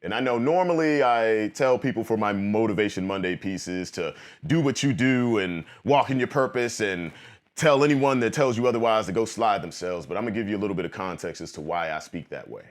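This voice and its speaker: A man in his thirties telling a personal story in an animated vlog monologue, acting out old conversations. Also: fairly low pitch, fairly quick. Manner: animated, quotes friends in acted-out bits. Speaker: vlogger.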